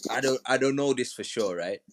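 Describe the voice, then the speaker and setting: A man's voice: medium pitch, brisk, no echo, poor audio. A man hosting a casual live-stream discussion, chatty and moderating turns, often restarting his sentences. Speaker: host.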